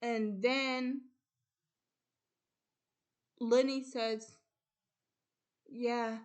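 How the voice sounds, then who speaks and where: A high-pitched woman who hosts a casual chat and retells a film's plot at an unhurried pace. She strings each event onto the last with "and then," and often circles back to restart a thought. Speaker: host.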